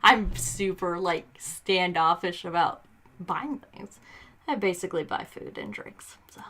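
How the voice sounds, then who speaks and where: A woman's voice: fairly low pitch, measured pace, pushed and bright. A woman co-hosting a podcast, chatting casually with lots of fillers, restarts and laughter. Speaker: podcast co-host. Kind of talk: casual chat.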